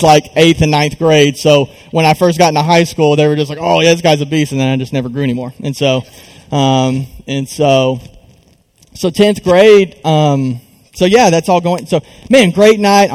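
An earnest young man, pitched a little high, recounts a personal story on a live stream. He talks haltingly, circling back with restarts and fillers as he works through it. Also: darkish tone.

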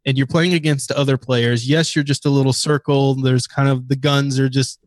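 A man's voice: mid-range voice, flat delivery, normal speed, no echo. A man co-hosting a podcast, chatting casually and enthusiastically about games he recommends. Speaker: podcast co-host. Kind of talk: casual gaming chat.

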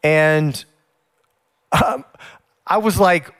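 A man who is a pastor, telling personal stories in a sermon and acting out the scenes with animated energy. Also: high voice, normal speed, long pauses.

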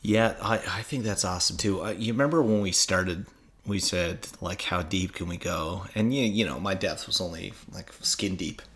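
A man's voice: sits low, moderate pace, a bit bright. A man, co-hosting a podcast in casual, rambling chat full of asides. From Newfoundland, Canada. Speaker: podcast co-host.

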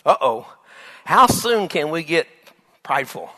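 A man's voice: high-pitched, moderate pace. A male pastor preaching a sermon, acting out Bible scenes with laughter and asides to the congregation. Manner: animated, acts out Bible dialogue with laughs.

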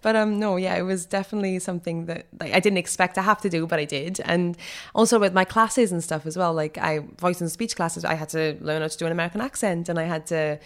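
Chatty young Welsh woman. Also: on the low side. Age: 20s. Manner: quick, chatty, full of fillers and laughter. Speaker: guest, actor and singer. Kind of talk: casual interview chat.

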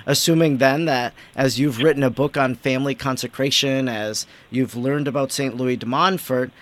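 A male priest host with a middling pitch, speaking in a calm, measured way. He asks long, carefully framed questions in a steady interview style.

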